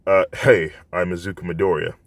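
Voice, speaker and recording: A man's voice: deep voice, steady tone, a little fast, dry recording. A man voicing a modest, hesitant teenage boy. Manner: hesitant, with filler words.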